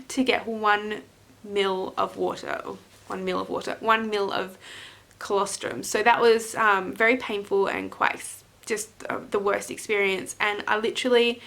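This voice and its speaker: A woman's voice: medium pitch, fairly bright tone. A young woman vlogger candidly recounting a personal story in a chatty way, with frequent ums and hesitations. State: emotional, close to tears at times.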